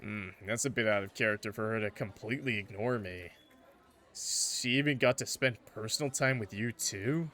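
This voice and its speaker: A man's voice: moderate pace, pushed and bright. Justin, a man doing a purring smug flirt. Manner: low, purring, teasing delivery. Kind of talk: reading visual novel dialogue aloud.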